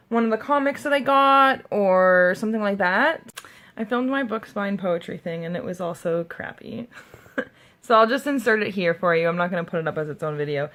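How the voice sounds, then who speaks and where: A woman's voice: medium pitch, fairly bright tone. A woman talking casually in a vlog, chatty and self-deprecating with frequent giggles. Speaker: vlogger.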